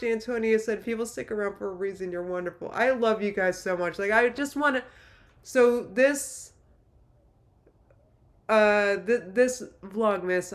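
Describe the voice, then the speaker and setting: Emotional rambling woman livestreamer. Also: medium pitch. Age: late 30s. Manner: rambling, emotional, many restarts. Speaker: YouTuber livestream host. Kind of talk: casual livestream chat reading comments.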